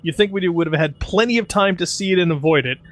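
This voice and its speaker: A man's voice: high voice, quick pace, fairly bright tone. A man commenting on a video game in casual, sarcastic banter. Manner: sarcastic, joking. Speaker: gameplay commentator. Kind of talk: casual let's-play banter.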